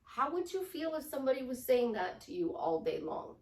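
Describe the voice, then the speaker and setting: Woman life coach, fairly high voice, emphatic and repetitive delivery, recorded off-mic in a roomy space. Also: sing-song, a little fast, a little mellow, recorded from a distance. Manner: emphatic, repetitive, drops to a whisper for demonstrations. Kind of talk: motivational coaching talk.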